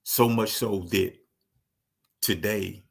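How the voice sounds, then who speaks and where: A man's voice: lowish voice, fairly even intonation, takes it slowly, creaky. A man speaking in an emphatic commentary monologue who repeats key phrases for stress.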